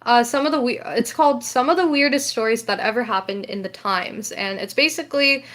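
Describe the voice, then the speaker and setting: Teen girl, podcast co-host, casual chat, excitable, fairly high voice. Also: brisk. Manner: excitable, laughing, reads news stories aloud.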